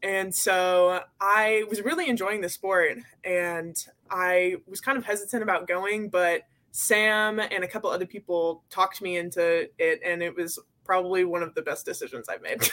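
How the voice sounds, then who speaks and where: A woman's voice: fairly low pitch, fairly even intonation, moderate pace, hardly any pauses, a bit bright. Upbeat young woman guest. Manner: upbeat, laughs easily. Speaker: guest, pro rugby player. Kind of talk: casual interview answers.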